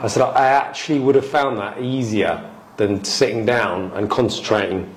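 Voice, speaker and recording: A man's voice: lowish voice, moderate pace, a little hiss or hum, low-quality recording. A man co-hosting a casual podcast, chatty and jokey, often interrupting himself. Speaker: podcast co-host, workshop teacher.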